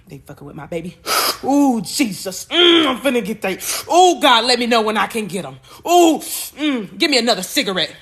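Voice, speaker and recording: A woman voicing an elderly grandmother who gently coaxes and pleads to calm her husband. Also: fairly high pitch. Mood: fierce. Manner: gentle coaxing, drawn-out pleading. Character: protective elderly grandmother, soothing and fierce.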